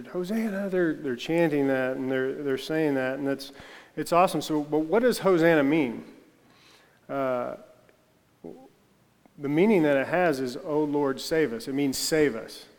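Halting pastor in an echoing hall. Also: male voice, mid-range voice. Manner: halting, many restarts and fillers. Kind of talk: conversational sermon.

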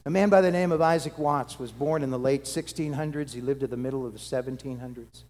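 A pastor preaching a dramatic sermon that swings from loud to hushed. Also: male voice, medium pitch, quick pace. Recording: long hall reverb.

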